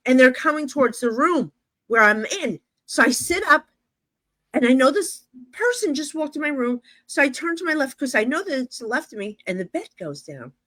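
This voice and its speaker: Here the same kind of speaker sounds high-pitched and a little bright, recorded without any room sound. She's a middle-aged New Jersey woman working as a psychic medium, telling rambling stories in a casual interview packed with fillers like "you know."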